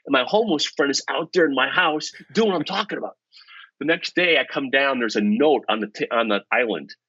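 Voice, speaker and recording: Lively bright-voiced man telling stories. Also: medium pitch, fairly quick, slightly rough, dry recording. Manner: animated, self-deprecating storyteller. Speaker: guest, economics professor. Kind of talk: storytelling in conversation. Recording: dull lo-fi podcast audio.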